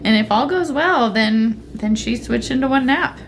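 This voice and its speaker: A woman's voice: on the high side, animated, moderate pace, a little hiss or hum. A young woman and mother chatting casually in a family vlog, full of fillers and restarts. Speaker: vlogger, mother.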